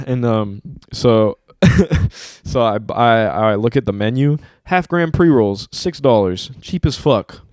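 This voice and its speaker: A young man hosting a casual talk show, with an ordinary mid-range voice in a dry, close sound. He tells his stories in an animated, profanity-laced way, full of slang. The feel is loose and chatty. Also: mid-range voice, takes it slowly, no echo. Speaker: host. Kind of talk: casual podcast chat.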